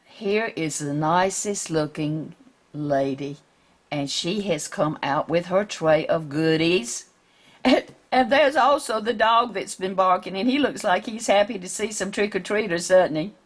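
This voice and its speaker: A woman reading a picture book aloud to children, gently asking them questions along the way. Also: lowish voice, measured pace.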